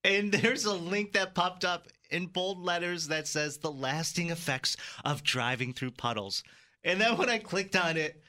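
A man's voice: fairly high pitch, sharp tone. A man co-hosting a radio show, bantering casually and telling a joking story. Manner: joking storyteller, slips into silly voices.

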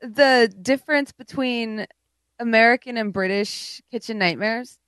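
A woman's voice: on the high side, a little slow, a bit bright, clear, resonant tone, dry recording. A woman co-hosting a podcast, chatting casually, laughing often and mimicking people. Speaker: podcast co-host. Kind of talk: casual chat.

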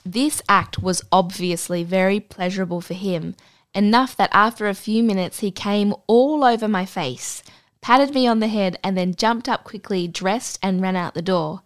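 A woman with a mid-range voice co-hosts a podcast, reading a listener's story aloud with a dry, deadpan delivery. Her asides come out just as blunt. The recording is close and dry, with no room sound. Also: mid-range voice, normal speed, no echo. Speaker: podcast co-host.

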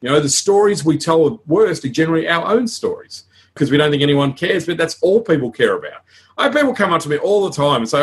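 A man with an Australian accent gives a conference talk on public speaking, frank and energetic, full of asides and stories. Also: fairly high pitch, fast talker.

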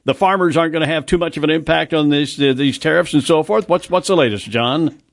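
A man's voice: fairly high pitch, fast, creaky, no echo. A man hosting a local morning radio news show, reading headlines and chatting with guests in a conversational way. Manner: conversational, with small fillers.

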